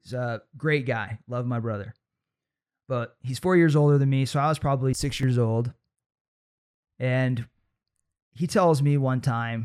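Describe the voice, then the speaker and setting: A man's voice: mid-range voice, clear, resonant tone. A young man hosting a motivational podcast, telling stories in a casual way, laughing often and acting out what his family said. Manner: acts out quoted voices of family. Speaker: podcast host.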